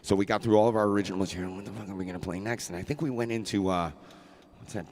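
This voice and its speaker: A man's voice: lowish voice, racing, a little mellow. A man hosting a casual live music show, telling stories in a loose, profane, laughing way. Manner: rambling, profane, laughing storyteller. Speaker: host.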